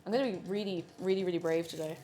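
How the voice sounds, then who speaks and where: A woman's voice: fairly low pitch, rapid-fire, warm tone. A young woman chatting casually on a live cooking stream, playful and reading out chat while she cooks. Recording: faint music behind the voice. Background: faint music.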